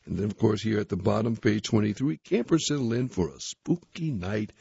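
A man reading a youth magazine aloud, articles and a story, in a plain, steady manner. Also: lowish voice, brisk, vocal fry, breathy edge, no echo. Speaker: reader. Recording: dull, dry recording.

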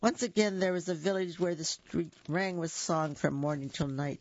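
A storyteller reading a picture book aloud, expressive and gentle, with small asides to listeners. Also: medium pitch, moderate pace, hardly any pauses, no echo. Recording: dull lo-fi recording.

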